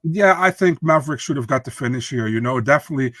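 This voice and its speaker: A man's voice: medium pitch, lively intonation, fast talker, a bit bright, no room sound. A man co-hosting a sports podcast in casual chat, often adding "you know" and "listen, man". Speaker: podcast co-host.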